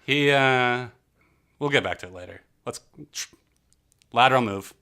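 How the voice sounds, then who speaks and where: A man's voice: mid-range voice, measured pace, sharp tone, clean tone. A man co-hosting a casual podcast, rambling and joking, often trailing off and restarting. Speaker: podcast co-host. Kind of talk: casual chat.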